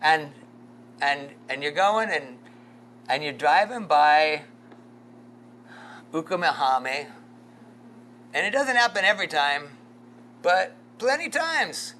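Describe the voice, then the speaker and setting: A pastor leading a casual Bible study, rambling through a story with lots of fillers and chuckles. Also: male voice, fairly high pitch, big pitch swings, slow, long pauses, sharp tone, a little hiss or hum.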